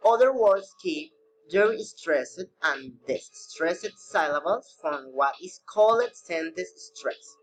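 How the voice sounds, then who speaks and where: A man teaching a recorded English pronunciation lesson, reading slowly with non-native phrasing. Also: high voice, fairly bright tone, low-quality recording.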